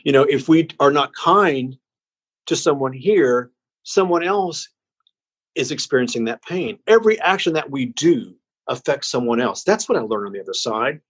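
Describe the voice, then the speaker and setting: A man guest on an interview podcast giving a heartfelt spiritual message, slow and emphatic in an earnest, preaching way. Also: medium pitch, expressive, husky.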